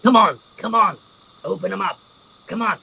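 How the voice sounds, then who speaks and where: A man voicing a desperate, pleading male gnoll prisoner, wheedling and high. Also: normal speed, gravelly, pushed and bright, breathy edge, exaggerated voice, rough recording. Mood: urging.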